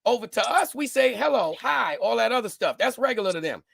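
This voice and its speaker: Animated, gravelly man telling stories. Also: extremely high pitch, fairly quick, dry recording, clean studio sound. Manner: animated storyteller, doing voices. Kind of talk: casual chat.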